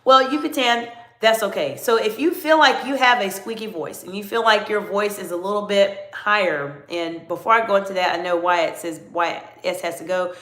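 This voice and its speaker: A middle-aged woman coaching viewers in a live-stream Q&A, answering them by name and lowering her voice to demonstrate. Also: normal speed, a bit bright. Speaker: communication coach. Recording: roomy echo.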